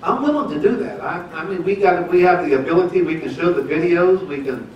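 Older preacher, echoey far-off church. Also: male voice, high-pitched, a little fast, highs cut off, a little hiss or hum. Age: 70s. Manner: folksy storytelling, laughing often. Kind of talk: church testimony and announcements. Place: church sanctuary.

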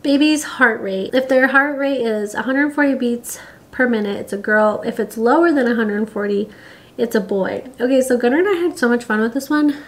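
Casting: young pregnant woman, slightly high voice, giggly casual vlog chatter with filler words. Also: moderate pace. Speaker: vlogger. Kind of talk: casual chat to camera.

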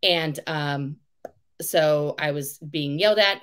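A woman in her thirties tells a story in a casual chat, with a voice a touch lower than most women's. She is animated, acts out what other people said, and swears without hesitation. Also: slow, clean tone. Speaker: podcast guest.

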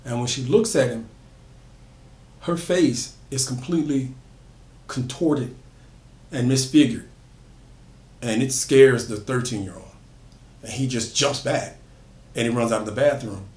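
A man's voice: medium pitch, a little slow, pauses often, darkish tone. A man retelling a horror story in a loose, conversational way, with frequent fillers and restarts. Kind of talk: casual spoken horror storytelling. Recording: echoey room.

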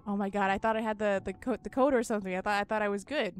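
A woman's voice: medium pitch, rapid-fire, faint music behind. A young woman commenting on a horror game as she plays, easily spooked, shrieking, swearing and laughing nervously. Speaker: gaming video host.

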